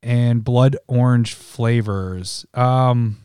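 A man's voice: medium pitch, fairly even intonation, drawn-out words, warm tone, clean tone, no room sound, studio quality. Laid-back man chatting, laughing often. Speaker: podcast co-host. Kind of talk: casual chat.

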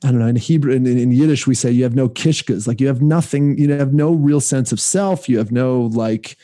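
A man's voice: medium pitch, fairly quick, mellow. A man co-hosting a casual podcast, telling rambling, self-reflective stories. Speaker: podcast co-host. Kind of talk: casual chat.

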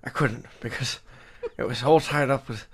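A man's voice: mid-range voice, normal speed, slightly rough, close to an everyday voice. A man putting on a brooding, hard-boiled noir detective voiceover, spoken through the teeth in a mock-theatrical way. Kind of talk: film noir voiceover impression.

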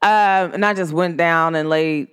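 A woman vlogger telling a personal story in a casual, rambling way, full of "like" and sudden swings of pitch. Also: fairly even intonation, measured pace, clear, resonant tone. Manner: rambling, heavy use of "like", pitch swings up and down sharply.

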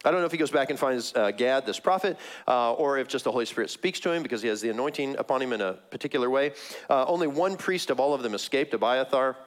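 A man's voice: mid-range voice, expressive, quick pace. A man preaching a sermon as pastor, in a conversational way, acting out the voices of the people in his story. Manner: conversational, acts out voices of biblical figures, laughs.

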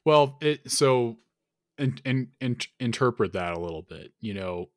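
A man's voice: mid-range voice, lively intonation, a little slow, no room sound, studio quality. A man co-hosting a casual chat, arguing and explaining his points with lots of "like" and "you know".

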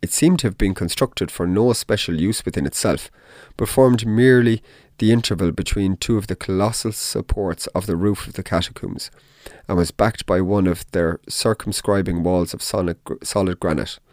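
A man narrating a dark tale in the first person, in a measured, deliberate audiobook reading. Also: low voice, no room sound, clean studio sound.

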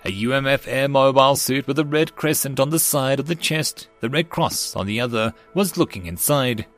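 Male audiobook narrator, steady even read, mid-pitched, faint music under him. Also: normal speed.

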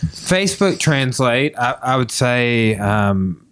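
A man hosting a casual podcast chat, telling stories in a relaxed, halting way with restarts. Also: mid-range voice, a crowd in the background.

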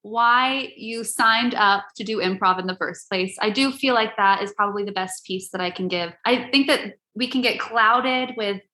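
Bright, upbeat woman in an echoey room. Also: mid-range voice, normal speed, hardly any pauses. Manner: upbeat, laughs often, warm about her group. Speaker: improv theater member, guest. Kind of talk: casual interview.

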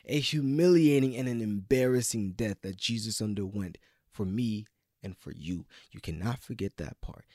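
A man preaching a sermon with passion, swinging between loud pleading and hushed whispers. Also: lowish voice, moderate pace, dry recording, studio quality.

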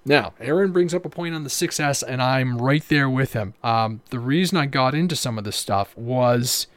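A man hosts a casual livestream and talks it through in a loose, rambling way, with many fillers and restarts. His voice sits at an ordinary middle pitch. The sound is close and dry, with no room around it. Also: moderate pace, no room sound. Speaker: livestream host.

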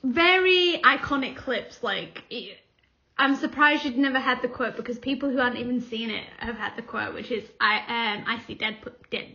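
A woman's voice: a little high, normal speed, pushed and bright, dull audio. A young woman co-hosting a podcast, telling stories in casual chat and acting out quotes with frequent laughter. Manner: chatty storytelling, acts out quotes, laughs often. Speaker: podcast co-host.

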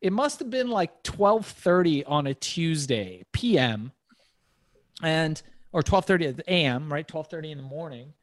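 A man telling a long animated story as a podcast guest, swearing freely and breaking into laughter. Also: on the high side, no echo, studio quality. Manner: profane, animated, quick laughs.

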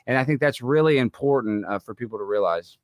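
A man from Dallas with a slight Texas twang, an excitable comedian talking as a guest in a casual interview. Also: medium pitch, no room sound, studio quality. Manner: excitable, talks in quick bursts. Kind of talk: casual chat.

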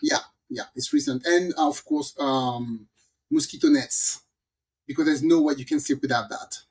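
A woman from the Caribbean hosting a podcast, telling a story in a lively, casual way and acting out the people in it. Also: sits low, moderate pace, breathy edge. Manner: animated storyteller, acts out quoted voices. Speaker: podcast host.

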